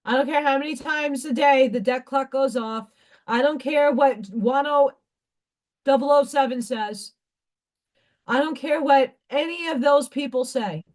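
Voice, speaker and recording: A woman's voice: high-pitched, unhurried, darkish tone. A woman hosting a live craft stream, talking about spiritual growth in a passionate, preachy way and swearing freely. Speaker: livestream craft host.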